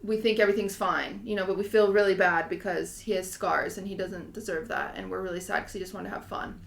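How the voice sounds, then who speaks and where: A young woman in her twenties, a podcast co-host, chatting casually and telling a story in an animated way, full of fillers. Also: medium pitch, fast talker, creaky, reverberant. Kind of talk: casual chat.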